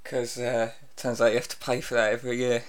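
A man's voice: medium pitch, completely flat delivery, fairly quick, smooth. A man hosting a radio show, telling rambling anecdotes in dry casual banter and mimicking the people in them.

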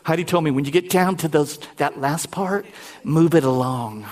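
High-voiced man preaching a sermon. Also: a little fast. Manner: animated preaching, talks directly to the congregation. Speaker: pastor.

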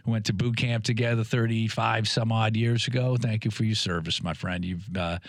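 A man's voice: lowish voice, steady tone, no room sound, studio quality. A man in his fifties hosting a podcast, talking casually with frequent restarts. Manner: warm, halting, many restarts. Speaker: podcast host.

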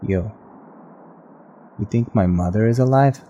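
A man's voice: on the low side, a little slow, dark tone, muffled recording, slight background noise. A man in a tabletop role-play, speaking in character as a brash, confused young musician, casual and profane. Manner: casual, profane, street slang. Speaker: player.

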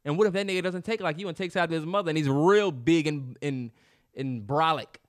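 A man's voice: fairly high pitch, fairly quick. A man co-hosting a podcast, talking in a laid-back, slangy way and teasing his co-host. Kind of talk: casual chat.

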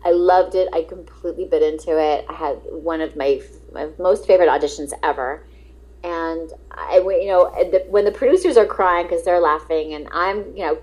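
A middle-aged woman, a guest actress, telling lively anecdotes in an interview and acting out the dialogue. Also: fairly low pitch, normal speed, rough recording. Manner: lively, acts out quoted dialogue, laughs often.

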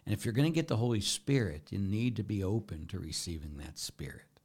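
Emphatic middle-aged priest, low voice. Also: male voice, very animated, a little fast, slightly rough. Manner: emphatic, with rhetorical questions and swings between loud and soft. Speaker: Catholic priest. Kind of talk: preaching in a Q&A.

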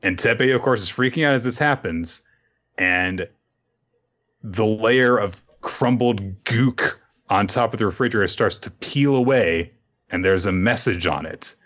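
A podcast host with a low, deepish voice tells a story in an animated, casual way and swears freely. The sound is muffled, like a lo-fi recording. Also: male voice, measured pace. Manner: animated storytelling, profane asides. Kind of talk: casual recap of a manga chapter.

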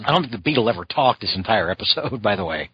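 A man hosting a podcast, chatting casually with many fillers and restarts and clearing a scratchy throat. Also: lowish voice, very animated, fast, dry recording, highs cut off. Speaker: podcast host reviewing a cartoon. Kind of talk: casual chat.

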